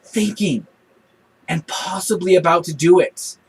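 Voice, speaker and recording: A man in a casual spoken review, retelling scenes with passion and animated energy. His voice is husky and sits slightly high. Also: a little slow, rough recording. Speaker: episode reviewer.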